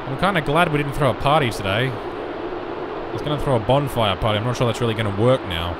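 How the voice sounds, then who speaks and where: A young man giving casual let's play commentary, muttering through menu choices with sudden loud bursts of excitement. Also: medium pitch, a little fast. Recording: noisy background with game rain.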